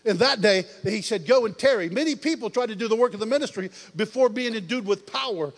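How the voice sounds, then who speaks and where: High-voiced man preaching in a reverberant hall. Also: fast talker. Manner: animated and joking, acts out voices. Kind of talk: sermon. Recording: long reverb of a large hall.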